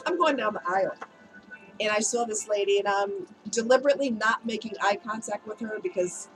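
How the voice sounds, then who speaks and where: A woman's voice: medium pitch, low-quality recording. A woman vlogger with a cold, telling a personal story to her viewers in a candid, emotional, chatty way. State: has a cold, voice slightly strained.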